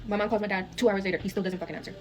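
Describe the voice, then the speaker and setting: A young woman from Texas telling a wild family story in a fast, profane, animated way, acting out the dialogue. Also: mid-range voice, noisy background. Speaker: guest storyteller. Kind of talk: casual storytelling.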